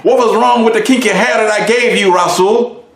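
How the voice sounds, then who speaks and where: A man's voice: high voice, moderate pace, voice pushed up. A man voicing God as a stern figure who fires off indignant, pointed questions at a man. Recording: roomy echo.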